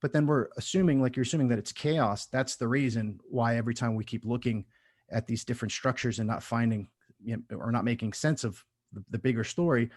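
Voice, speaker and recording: Man hosting a podcast, mid-pitched. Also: a little fast, a little mellow. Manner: earnest, builds long spoken analogies. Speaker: podcast host. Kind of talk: casual conversation.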